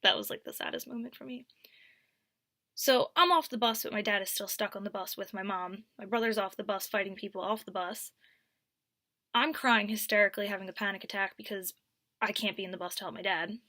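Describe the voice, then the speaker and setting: A young woman telling a storytime vlog, animated, dropping to whispers and then rising to loud bursts. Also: medium pitch, a little fast, no echo, studio quality. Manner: animated, swings from whispers to near-shouts. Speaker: vlogger.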